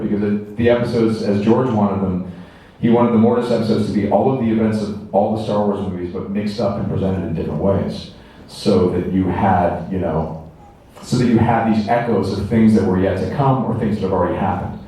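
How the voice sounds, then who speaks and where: A man answering fan questions at a convention, telling lively anecdotes and acting out quotes. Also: fairly low pitch, brisk, far from the mic. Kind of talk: animated storytelling to an audience. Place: large convention hall. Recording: echoey convention hall from afar.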